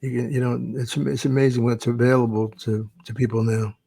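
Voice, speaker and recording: A man's voice: medium pitch, little pitch movement, brisk, vocal fry, warm tone, breathy edge, dry recording. An older man, a veteran comedian, telling rambling show-business stories in a casual podcast chat, swearing freely and acting out quotes. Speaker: veteran stand-up comedian, guest of honor.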